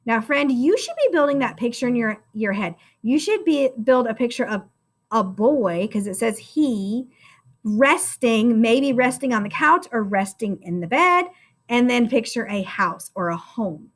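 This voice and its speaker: A woman teaching a recorded first-grade phonics lesson, speaking slowly and encouragingly and calling the viewer friend. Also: a little high, expressive.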